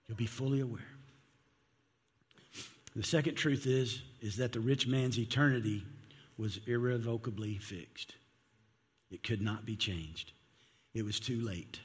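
A man's voice: fairly low pitch, slightly rough. A male pastor preaching a sermon in an earnest, conversational way. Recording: long hall reverb.

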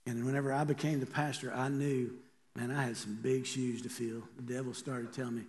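A man's voice: mid-range voice, fairly even intonation, fairly quick. A middle-aged man, a pastor, preaching a sermon in a conversational way and asking the congregation rhetorical questions.

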